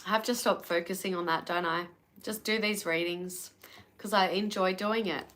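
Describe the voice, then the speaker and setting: A woman's voice: fairly low pitch, fairly even intonation, normal speed, fairly bright tone, a little hiss or hum. A woman with an Australian accent doing a casual live tarot reading and chatting with viewers between cards. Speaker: tarot reader.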